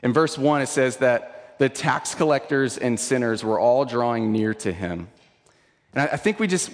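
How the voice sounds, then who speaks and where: Conversational pastor preaching in a reverberant hall. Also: male voice, mid-range voice. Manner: conversational, repeats words, swings between intense and hushed. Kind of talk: sermon.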